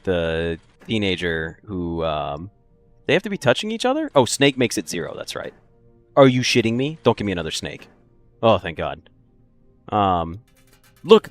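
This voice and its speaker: Playing a puzzle game on stream, a man with a mid-range voice keeps up loose, joking commentary for his viewers and laughs frequently. There is no room sound on the recording.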